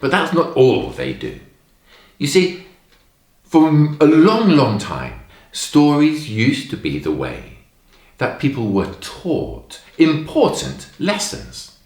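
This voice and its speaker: Taking his time, a man with a mid-range voice acts out story lines for young children in a lesson. He's expressive and emphatic, and the recording has reverb.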